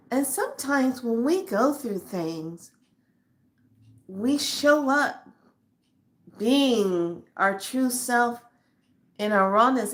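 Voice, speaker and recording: Middle-aged woman vlogger, fairly high voice, animated emotional storyteller. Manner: emotional, animated retelling with acted quotes. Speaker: spiritual vlogger. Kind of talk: personal storytelling to viewers.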